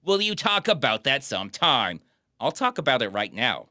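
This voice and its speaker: A young man riffs on a terrible film with mocking sarcasm. His pitch bounces all over, his tone is bright, and the room sound is dry and close. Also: sing-song, moderate pace, dry recording. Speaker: co-host reviewing a bad movie. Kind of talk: casual comedic commentary.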